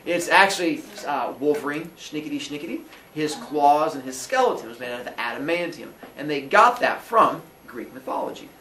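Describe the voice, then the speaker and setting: A man's voice: on the high side, normal speed, hardly any pauses, recorded from a distance, slight background noise. A man telling a myth to a class in a jokey comic storytelling style, slipping into voices. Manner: animated, jokey, puts on voices. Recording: roomy echo, voice from afar.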